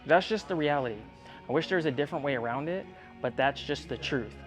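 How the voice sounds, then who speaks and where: A man's voice: on the high side, animated, fast talker, faint music behind. A man coaching a young athlete one-on-one in a gym, speaking directly and earnestly, often checking whether she believes him. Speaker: tumbling coach.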